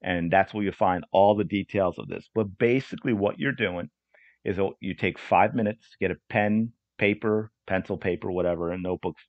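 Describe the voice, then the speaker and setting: A man's voice: low voice, normal speed, dry recording, lo-fi sound. A man hosting a solo coaching podcast, talking in an earnest, repetitive way with frequent restarts. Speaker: podcast host and soccer coach.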